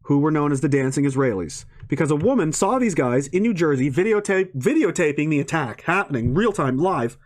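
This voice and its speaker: Profane, rambling man with a lively voice. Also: on the high side, brisk, hardly any pauses. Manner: profane, rambling, laughs mid-sentence. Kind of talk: ranting monologue to an audience.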